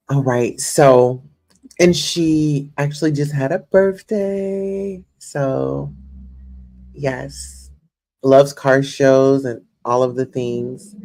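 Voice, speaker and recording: A woman's voice: rumbling low, vocal fry, darkish tone. A young woman hosting a casual livestream chat, effusive and gushing, full of "you know" and "listen here.". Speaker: host.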